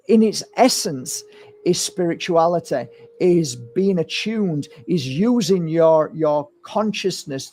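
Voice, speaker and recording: A middle-aged man, an energy healer talking to his audience in a casual, animated monologue, sometimes swearing and acting out what people said. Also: high-pitched. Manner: animated storytelling, swears, acts out voices. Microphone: streaming setup.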